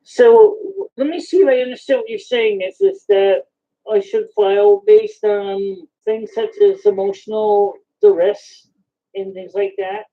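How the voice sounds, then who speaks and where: A woman's voice: medium pitch, fairly even intonation, unhurried, mellow. A woman in a casual voice chat, choosing her words carefully. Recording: dull lo-fi voice chat audio.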